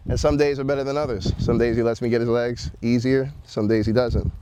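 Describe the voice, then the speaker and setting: Laid-back guy talking about his horse outside, chill slangy vlog talk, clear outdoor noise behind him. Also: medium pitch, fairly even intonation, fairly quick. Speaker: horse owner showing his horse.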